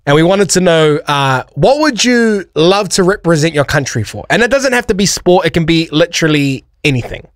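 A man co-hosts a radio show, easygoing and playful in his banter. His voice sits high for a man. The studio sound is close and dry. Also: expressive, moderate pace, few pauses, no echo. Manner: easygoing, playful, reads station promos. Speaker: radio co-host.

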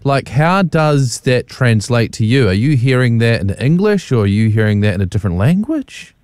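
A man's voice: mid-range voice, sing-song, normal speed, darkish tone, smooth, no echo, clean studio sound. A man co-hosting a radio show, asking playful, slightly hesitant questions. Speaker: radio host. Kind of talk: casual radio chat.

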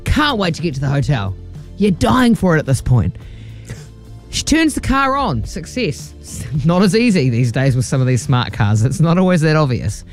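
A woman's voice: deep voice, very animated, moderate pace, faint music behind. A woman, co-hosting a radio show and telling a story with acted-out quotes. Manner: chatty storyteller, acts out quotes. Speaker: radio co-host. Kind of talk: casual radio chat.

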